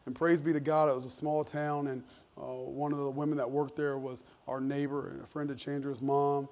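A man in his thirties preaching a sermon in a church, shifting from loud emphasis to hushed personal storytelling. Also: medium pitch, flat delivery, moderate pace, gravelly. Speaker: pastor. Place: church sanctuary.

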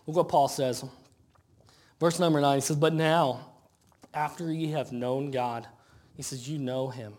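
A pastor preaching a conversational sermon, asking rhetorical questions and reading scripture slowly. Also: male voice, fairly high pitch, steady tone, a little mellow. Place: church sanctuary.

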